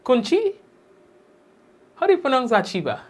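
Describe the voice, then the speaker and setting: A young man hosting a casual livestream, giving warm shout-outs to commenters by name and drawn-out blessings. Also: very high voice, huge pitch swings. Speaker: livestream news host. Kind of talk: casual livestream chat greeting viewers.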